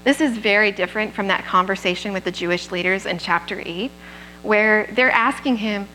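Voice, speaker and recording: A woman's voice: mid-range voice, moderate pace, sharp tone, rough recording. A woman gives a sermon at a church service, talking into a microphone. Her voice sits in a middle range, and she keeps it plain and conversational. She often stops to check in with the people listening. A faint hum runs underneath. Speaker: preacher.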